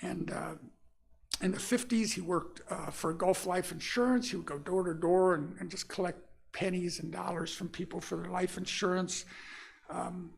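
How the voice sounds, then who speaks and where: An older man from Florida, a minister giving a personal storytelling sermon in a relaxed, folksy way, pausing often with fillers. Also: sits high, gravelly. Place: church sanctuary.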